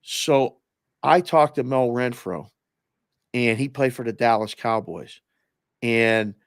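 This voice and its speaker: A former oddsmaker, appearing as a guest, chats casually about sports betting in a smooth, mid-range male voice. He tells stories animatedly and acts out the people he quotes. The recording is dry, with clean studio sound.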